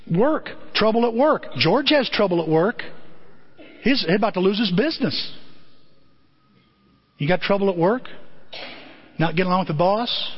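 Male pastor, animated sermon delivery with a lively, high-pitched swing between hushed and excited; dull lo-fi recording. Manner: animated preaching, rising to high excited exclamations and dropping to hushed tones; speaks directly to the congregation with rhetorical questions.

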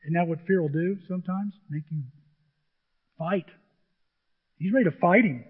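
A man's voice: sits high, normal speed, husky. A middle-aged man preaching a sermon, earnest and emphatic, often repeating his point. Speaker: pastor. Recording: tinny phone-like sound.

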